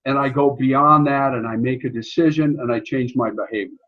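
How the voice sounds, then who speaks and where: A man's voice: mid-range voice, brisk. A middle-aged man asking an earnest, reflective question on a video call. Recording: dull lo-fi video call audio.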